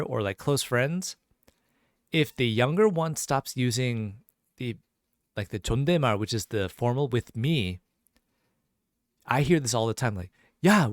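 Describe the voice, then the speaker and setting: A man teaching a relaxed live-streamed language lesson, talking at an ordinary middle pitch. He chats loosely and answers viewer questions as they come in. The sound is dry and close, with almost no room echo. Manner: casual, chatty, reads chat questions aloud.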